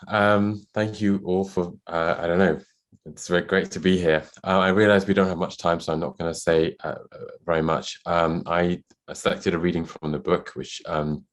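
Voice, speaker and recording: A man, an author, reading a passage from his own book aloud at an online event. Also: low-pitched. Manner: hesitant when talking freely, steady and measured when reading. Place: home, online ceremony.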